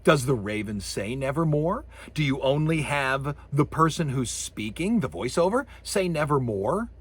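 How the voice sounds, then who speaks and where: A middle-aged college communications professor gives a recorded lecture on sound, speaking in a mid-range, slightly breathy voice at a somewhat slow pace. He's animated and jokey, acting out sound effects and voices as he teaches.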